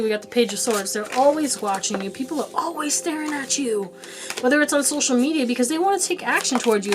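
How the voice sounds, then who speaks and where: A woman's voice: fairly high pitch, noisy background. A young woman giving a casual tarot card reading, chatty and slangy, laughing often as she talks. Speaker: tarot reader.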